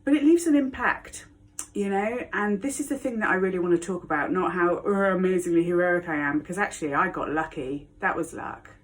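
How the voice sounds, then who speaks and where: A woman's voice: fairly low pitch, a little fast. A woman telling a personal story to camera, frank and blunt, often laughing as she speaks. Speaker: vlogger.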